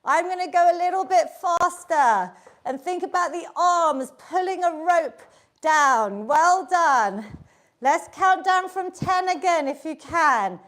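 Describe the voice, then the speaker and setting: Running a live online workout class from home, this high-pitched woman fitness instructor has an expressive, fairly bright tone and takes it slowly. She exercises along with the group, upbeat and encouraging, calling out counts and cues.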